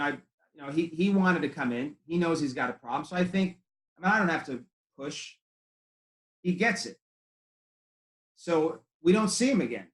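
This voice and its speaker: Male practice coach, fairly high voice, chatty storyteller, roomy echo. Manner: conversational storytelling with acted quotes. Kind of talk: training talk to chiropractors.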